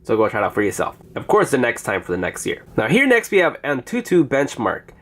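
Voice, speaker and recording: A man's voice: mid-range voice, huge pitch swings, a little fast, fairly bright tone. A man casually reviewing phone apps, chatty as he demonstrates each one on screen. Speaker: app reviewer. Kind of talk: casual app review narration.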